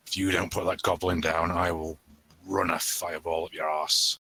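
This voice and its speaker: Male player, deep monotone, blunt. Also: moderate pace, no room sound. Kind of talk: casual game play.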